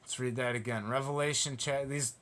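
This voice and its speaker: A man preaching a Bible study sermon, passionate and emphatic, repeating phrases for stress and reading scripture slowly and deliberately. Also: medium pitch, fairly even intonation, fairly bright tone. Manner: emphatic and repetitive, with slow drawn-out scripture reading; passionate, stirred up.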